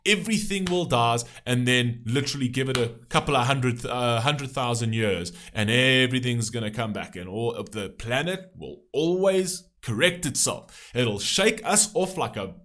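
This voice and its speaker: Passionate, ranting man with lively pitch. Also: normal speed, hardly any pauses. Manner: passionate, ranting, swears often; emphatic, rhetorical questions. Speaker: reaction video host. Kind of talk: reacting to a music video.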